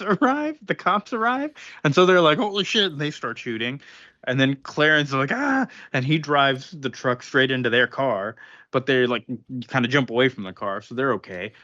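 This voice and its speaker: A man's voice: mid-range voice, expressive, moderate pace, pushed and bright, no room sound, muffled recording. A man casually recapping a comic book on a podcast, rambling with fillers and acting out lines of dialogue. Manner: rambling, laughing, acts out quotes. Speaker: podcast co-host.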